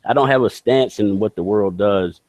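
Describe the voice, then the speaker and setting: A man with a somewhat low voice arguing his side in a casual chat. The sound is dry and close. He restarts his sentences often and keeps defending his opinions. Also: a little mellow, no room sound. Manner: halting, repeats himself, defensive. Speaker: debate guest.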